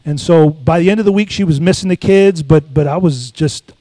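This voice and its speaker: A man's voice: on the high side, brisk, warm tone, no echo. A middle-aged man preaching a sermon, telling personal stories and calling for amens from the congregation. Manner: call-and-response preaching, asks congregation for amens. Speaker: pastor.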